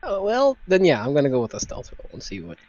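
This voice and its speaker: A man's voice: on the high side, wildly swooping pitch, fast talker, a little mellow. A man playing a tabletop game, talking nervously and hesitantly and laughing often. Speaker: player. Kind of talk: casual tabletop game play. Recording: dry, dull lo-fi sound.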